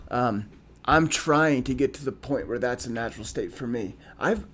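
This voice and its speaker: Guy cohosting a podcast, earnest and kinda halting, lots of ums and restarts, middle-pitched voice. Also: a bit bright. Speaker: podcast co-host. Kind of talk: reflective podcast conversation.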